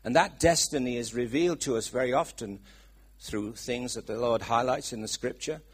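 A man's voice: medium pitch, moderate pace, husky. A middle-aged man with a Welsh accent preaching a sermon, chatty and asking his listeners questions. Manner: chatty, asks the congregation questions.

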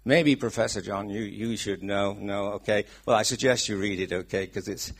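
Welsh preacher with a husky voice. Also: male voice, fairly low pitch, normal speed. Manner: chatty, asks the congregation questions. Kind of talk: sermon.

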